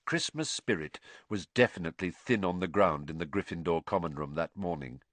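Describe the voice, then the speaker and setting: Animated male audiobook narrator, low voice. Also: a little fast, no room sound. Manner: expressive, animated reading. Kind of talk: storybook narration.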